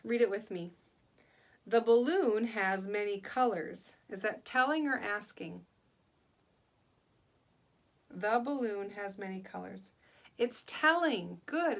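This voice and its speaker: Slow, patient woman teaching young kids. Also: medium pitch, fairly bright tone. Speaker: second grade teacher. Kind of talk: online classroom lesson.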